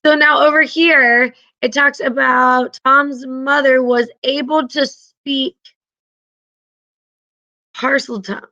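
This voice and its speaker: Slow, bright-voiced woman teacher. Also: high-pitched, steady tone, highs cut off. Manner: patient, checks in with the class often. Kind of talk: classroom teaching. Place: classroom.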